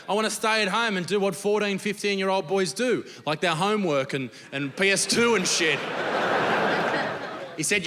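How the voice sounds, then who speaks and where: A young Australian man performing crude, profane stand-up comedy, telling stories and shouting the punchlines. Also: high-pitched, brisk. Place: large theatre stage with audience laughter. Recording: live show with long hall reverb and background noise.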